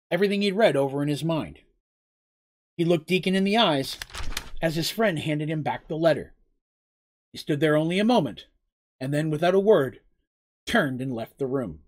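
A man reading aloud his own fantasy story, breaking off into chatty asides. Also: fairly high pitch. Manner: chatty, explains between passages.

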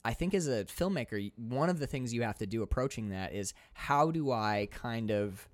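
Lively-voiced man in casual film chat. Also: mid-range voice, normal speed, dry recording. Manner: animated, chatty, laughs often. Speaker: podcast co-host.

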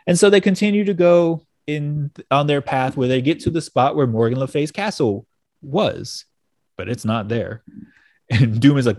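A man in a relaxed, chatty recap, loose and profane, laughing now and then. His voice sits at an ordinary middle pitch. The sound is dry and close, with no room echo. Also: normal speed. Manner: loose, profane retelling with frequent laughs and fillers. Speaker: podcast host recapping a comic issue. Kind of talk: casual chat.

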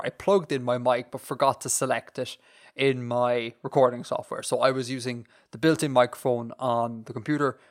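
A man hosting a casual podcast, rambling in a self-mocking way and often laughing. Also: medium pitch. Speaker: podcast host.

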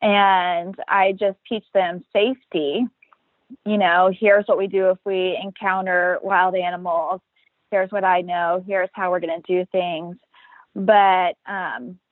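A woman's voice: lowish voice, slow. An upbeat woman in her thirties talks as a guest in a casual interview. She is matter-of-fact and slips into quoted voices as she tells her story. The line is thin and phone-like, with a dry sound and no room echo.

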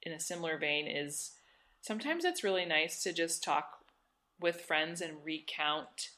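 A woman co-hosting a podcast, talking in a thoughtful, halting way with many restarts. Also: low-pitched, lively intonation, pushed and bright. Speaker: podcast co-host. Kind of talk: casual chat.

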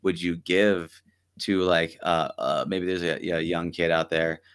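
Man, very low voice, podcast host, hesitant, filler-heavy questions. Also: steady tone, fairly bright tone, clear, resonant tone. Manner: hesitant, halting phrasing with many fillers. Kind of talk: casual interview chat.

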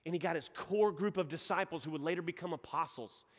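High-voiced Texan preacher in a reverberant hall. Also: male voice, fast talker. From East Texas. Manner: casual storytelling, joking with the congregation. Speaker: pastor. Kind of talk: sermon.

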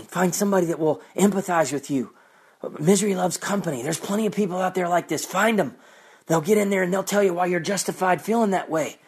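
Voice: medium pitch, fairly quick, slightly rough. A preacher in an impassioned monologue, exhorting with fervent repetition.

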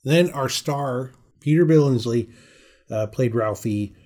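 A man's voice: mid-range voice, slow, dark tone. A man co-hosting a movie podcast, casually running through an actor's credits and swearing now and then. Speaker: podcast co-host. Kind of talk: casual chat.

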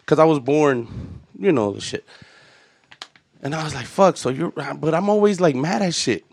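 A man tells a stand-up story in a high register. He swears freely and drops street slang. He sounds like a man in his thirties. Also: animated, normal speed, vocal fry, a little mellow, dry recording. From Los Angeles. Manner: profane, storytelling, Chicano slang. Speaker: stand-up comedian. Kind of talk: stand-up set.

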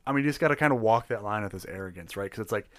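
A man's voice: lowish voice, racing, dry recording. Rambling man with a dry sound. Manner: rambling, filler-heavy, frequent restarts. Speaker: tabletop role-play player. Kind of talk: casual chat about a role-play session.

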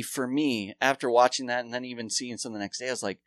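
A man's voice: medium pitch, steady tone, quick pace, a bit bright, no room sound, clean studio sound. A man telling rambling, profane stories in a casual chat.

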